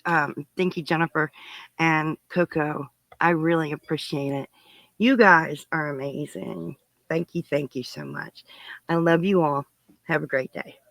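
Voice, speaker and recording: This crafting-channel host talks to her viewers casually while unwrapping their parcels, musing aloud and often gushing and giggling. Her low-pitched voice is fairly bright, unhurried, and fairly even in intonation. There's no echo, though the recording is rough.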